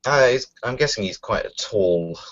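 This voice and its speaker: A man's voice: fairly low pitch, lively intonation, unhurried, fairly bright tone. A man playing a tabletop game, unsure and hesitant, thinking aloud about his moves. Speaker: player. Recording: dull lo-fi home recording.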